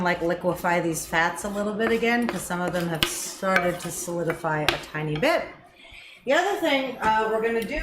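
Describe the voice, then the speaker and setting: A middle-aged woman talks casually while she cooks, rambling off on tangents and swearing freely. Her voice sits at a middle pitch. The sound comes from an echoey kitchen with noise behind. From Canada. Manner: chatty, swearing, rambling asides. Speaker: cooking show co-host. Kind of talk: casual cooking chat.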